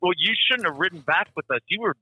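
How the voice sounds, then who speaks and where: Bright, lively young man swapping crude stories. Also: sits high, quick pace, breathy edge, no room sound, rough recording. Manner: swearing, laughing, rambling storyteller. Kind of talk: casual crude banter among friends.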